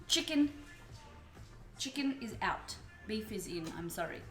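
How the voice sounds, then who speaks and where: A woman's voice: on the high side, normal speed. Chatty Australian woman with music behind. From Melbourne, Australia. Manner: chatty, chats with viewers while cooking. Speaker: cooking stream host. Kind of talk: casual live-stream cooking chat. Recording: roomy echo with music behind.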